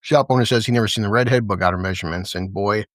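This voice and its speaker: A man's voice: on the low side, racing, a bit bright, no echo, studio quality. A man co-hosting a casual, crude podcast recap of a TV episode, rambling and laughing often as he paraphrases scenes. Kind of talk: casual chat with crude humor.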